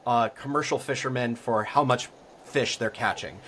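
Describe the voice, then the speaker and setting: A man's voice: mid-range voice, normal speed, slight background noise. Young adult man from Florida, a guest spinning casual, filler-heavy stories in an easy mid-range voice. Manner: rambling, full of ums and likes, livelier at the exciting parts. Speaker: podcast guest. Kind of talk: casual storytelling.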